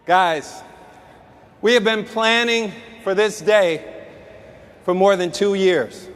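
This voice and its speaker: A man's voice: high-pitched, slow, background noise. A man giving a fired-up motivational speech as a sales executive at a company event, out of breath and emphatic. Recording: echoey large hall with music.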